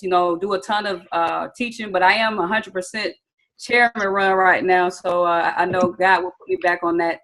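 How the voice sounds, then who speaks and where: A trading instructor from Atlanta, Georgia, with a Southern accent, runs a live online webinar, speaking directly to viewers over a video call. She's chatty, upbeat and encouraging, with a slightly bright voice that sits on the low side.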